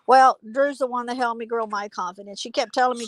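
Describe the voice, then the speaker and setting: A woman hosting a casual live phone stream from her backyard garden, talking loudly and rambling with fillers. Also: fairly high pitch, quick pace, few pauses, poor audio. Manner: loud, chatty, rambling with fillers. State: hard of hearing. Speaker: channel host. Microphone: phone held while walking.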